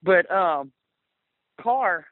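A man's voice: high voice, animated, very slow, dry recording. A man calling in to a fan radio show, swearing and fired up about the game. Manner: profane, fired up. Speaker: caller. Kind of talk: angry fan call-in rant. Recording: tinny phone line.

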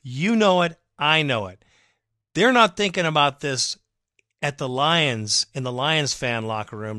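Man, fan podcast host, forceful bright voice, dry close mic, emphatic sarcastic rant. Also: a little high, measured pace, no echo. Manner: emphatic, rallying, sarcastic rant with sudden loud bursts. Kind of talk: fired-up fan podcast monologue.

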